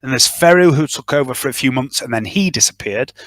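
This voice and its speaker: A man's voice: mid-range voice, expressive, a little fast, a bit bright, no echo, rough recording. Patient male game master explaining. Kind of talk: casual tabletop game chat.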